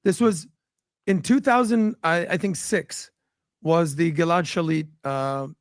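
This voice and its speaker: Male panel guest, explanatory, halting delivery; slightly high pitch, dry sound. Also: no room sound. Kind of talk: political panel chat.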